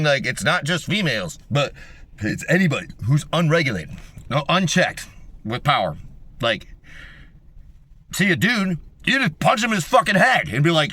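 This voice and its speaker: Bright-voiced man on a sweary rant. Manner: swears constantly, repeats himself, shifts between loud bursts and low mutters. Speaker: video host. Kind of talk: heated profane rant.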